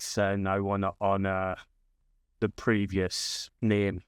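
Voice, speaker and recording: A man playing a ship captain in a tabletop game, speaking in a measured, polite way. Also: fairly low pitch, little pitch movement, clean tone, dry recording, clean studio sound. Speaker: player.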